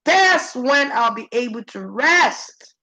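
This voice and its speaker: Gravelly-voiced woman channeling intensely. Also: animated, slow, sharp tone, rough recording. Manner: intense, preachy, shifting pitch. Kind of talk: emotional spirit-channeling monologue.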